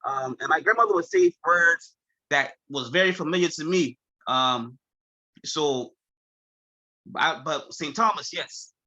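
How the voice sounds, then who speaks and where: Animated Charleston man with a Gullah lilt. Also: on the high side, measured pace, dull audio. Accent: Gullah Geechee-influenced Charleston. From Charleston, South Carolina. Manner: animated, laughs often, mimics friends in quotes. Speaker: chef, guest. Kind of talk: casual conversational storytelling.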